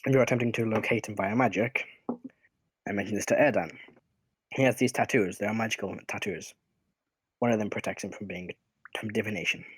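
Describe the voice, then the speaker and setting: A low, husky male voice runs a tabletop game, answering questions in character. He talks in halting, hesitant bursts. The sound is close and dry. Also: no echo, low-quality recording. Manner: halting, plays NPCs in his own voice. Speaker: dungeon master.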